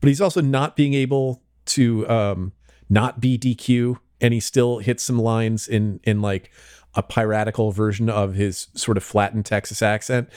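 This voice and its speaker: A man's voice: lowish voice, steady tone, moderate pace, a little mellow, clean tone, dry recording, clean studio sound. A man co-hosting a podcast, chatting casually and rambling with lots of hedges. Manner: rambling, hedging with fillers. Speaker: podcast co-host. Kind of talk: casual chat.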